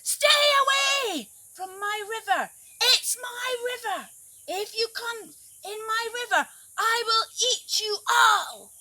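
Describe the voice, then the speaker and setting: A woman voicing a selfish, bossy male crocodile who shouts threats at the other forest animals in a storybook reading. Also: very high-pitched, takes it slowly, a little hiss or hum, pitched above the performer's own voice, heavily acted, rough recording. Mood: furious. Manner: bellowing, menacing.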